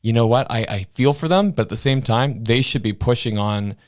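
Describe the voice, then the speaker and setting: A male podcast co-host talking politics in a relaxed, loose way. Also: mid-range voice, fairly quick. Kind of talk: casual political chat.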